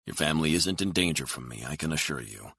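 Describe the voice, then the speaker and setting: A man voicing a cool, controlled hired killer who speaks calmly and quietly threatens, in a deep voice. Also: quick pace, vocal fry, slightly rough, no echo, studio quality, exaggerated voice. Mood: cold.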